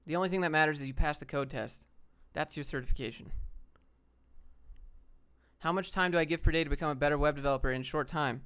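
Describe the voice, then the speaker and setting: Young guy streamer, slangy and blunt, slightly high, smooth clear voice. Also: quick pace, pauses often, fairly bright tone. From Atlanta, Georgia, US. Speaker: streamer answering chat questions. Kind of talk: casual livestream Q&A.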